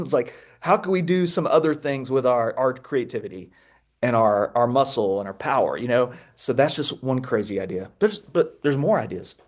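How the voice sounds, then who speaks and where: A man, presenting a webinar over a video call in an excitable, playful way with frequent restarts. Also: medium pitch. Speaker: edtech presenter. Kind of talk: energetic webinar talk.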